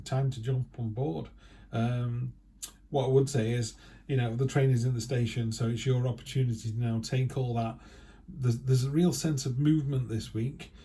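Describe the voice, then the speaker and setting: A man's voice: mid-range voice, mellow, a little hiss or hum. A man giving a casual, chatty tarot reading who acts out quoted remarks in other voices. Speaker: tarot reader.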